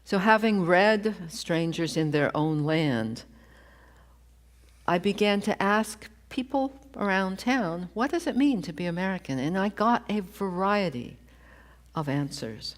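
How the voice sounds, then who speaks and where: Slow-speaking woman minister giving a sermon. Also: on the low side, lively intonation. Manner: slow, deliberate, reflective delivery. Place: church sanctuary.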